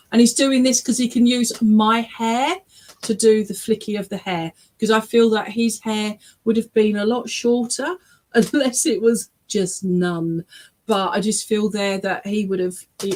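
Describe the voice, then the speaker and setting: A woman's voice: medium pitch, darkish tone. A woman working as a spiritualist medium, giving an online reading over a video call in a chatty, emotional way that often breaks into laughter and tearful exclamations. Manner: chatty, checks in often with "okay?" and "all right?".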